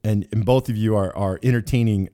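A man's voice: on the low side, brisk, dark tone. A man in his forties from Kansas, hosting a casual podcast and chatting with guests on a remote call in a joking, rambling way full of restarts. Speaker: podcast host.

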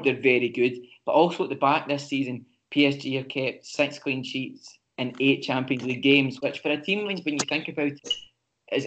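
A man co-hosting a casual football podcast, his pitch staying flat and even as he works through his points. He talks in a measured way, often pausing on ums and restarting sentences. The audio is slightly dull and lo-fi. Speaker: podcast co-host.

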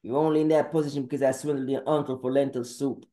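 A man's voice: mid-range voice, little pitch movement, fast talker, warm tone. A man preaching a sermon monologue, firing off terse Bible verse citations in a confrontational way. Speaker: podcast preacher. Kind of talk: scripture-citing sermon monologue.

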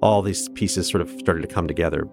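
A man's voice: sits low, fairly quick, vocal fry, faint music behind. A middle-aged man from Kansas, a guest candidly recounting his own family story with restarts. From Kansas, United States. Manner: earnest, candid, with restarts and laughs. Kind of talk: reflective personal storytelling.

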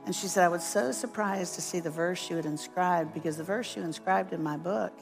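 Her voice is on the low side, brisk, with vocal fry, and soft music plays behind her. She is a guest speaker preaching a storytelling sermon, using humor, teasing herself, and acting out people's quotes.

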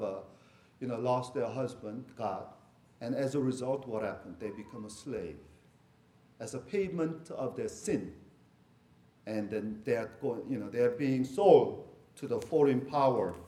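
A man's voice: medium pitch, darkish tone. Middle-aged man preaching in an echoey room. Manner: conversational, jokey asides with laughter. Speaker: pastor. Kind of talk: sermon.

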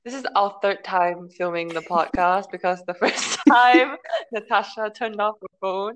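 A woman's voice: mid-range voice, a little slow, a little hiss or hum, low-quality recording. A young woman co-hosting a casual podcast over a video call, telling a long story with frequent giggles. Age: young adult. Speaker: podcast co-host. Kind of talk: casual chat.

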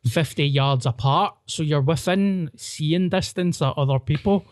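A young man with a Scottish accent telling crude, animated anecdotes in casual podcast chat. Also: a little high, a little slow, a little hiss or hum. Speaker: comedian podcast guest.

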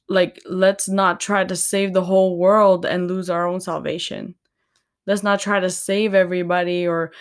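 A woman hosting a faith-based podcast, speaking earnestly and tenderly to her listeners, near tears. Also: mid-range voice. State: tearful, near crying. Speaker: podcast host.

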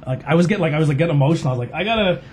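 Talking rapid-fire in a slightly high, somewhat mellow voice, this man hosts a podcast and rambles through a long, casual tale. Fillers abound, he performs the quotes in character, and there's a little hiss or hum.

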